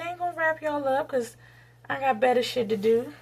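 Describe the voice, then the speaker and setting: A woman's voice: fairly quick, creaky, very noisy. A woman from the United States, giving a candid, blunt and profane rant to her camera while cooking. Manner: blunt, profane and heated, with sudden rises in pitch. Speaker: vlogger.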